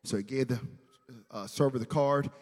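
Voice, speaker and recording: A man's voice: medium pitch, normal speed, a little mellow. A man preaching a sermon as pastor, speaking straight to the congregation and building to fervent declarations. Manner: preaching with rising fervor, addressing the congregation directly. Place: church sanctuary. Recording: long reverb of a large church hall.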